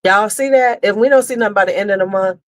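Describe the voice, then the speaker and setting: A woman's voice: medium pitch, quick pace. A woman hosting a casual livestream, talking bluntly with some cursing and answering viewers' comments as they come in. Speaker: beauty channel host.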